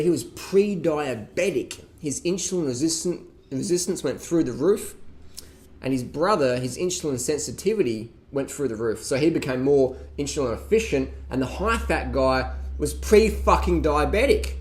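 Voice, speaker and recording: A man rants into the camera in a casual, profane way. His voice sits slightly higher than most men's, and he mocks the people he talks about with laughs and put-on voices. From Australia. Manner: profane, mocking, animated ranting with laughs. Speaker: vlogger reacting to a documentary. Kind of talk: casual rant.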